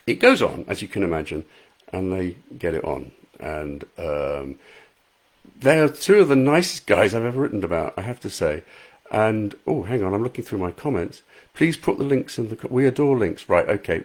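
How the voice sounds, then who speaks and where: A male author reading his own novel aloud in a live stream from his front room, chatting and laughing easily between passages. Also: fairly low pitch.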